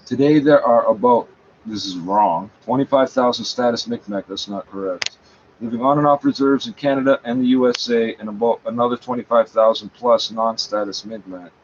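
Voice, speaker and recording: A man's voice: mid-range voice, moderate pace. A man reading a page aloud and talking back to it, scornful, correcting it and swearing often. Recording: dull lo-fi sound, faint background noise.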